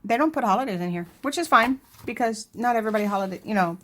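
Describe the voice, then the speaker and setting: A woman's voice: a little high, animated, quick pace, a bit bright. A woman vlogger chatting casually while flipping through a new planner, thinking aloud with lots of fillers and asides. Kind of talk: casual unboxing chat.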